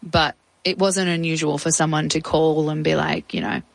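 A woman's voice: low-pitched, sing-song, moderate pace, creaky, dry recording, rough recording. A woman with an Australian accent, probably in her thirties, telling her personal story in an interview with casual, reflective talk and lots of quoted speech. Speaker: interview guest.

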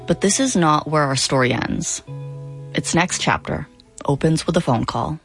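Low-voiced woman hosting a podcast, soft music behind. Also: lively intonation. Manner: measured, curious questioning. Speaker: podcast host and narrator. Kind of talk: scripted narration and interviewing.

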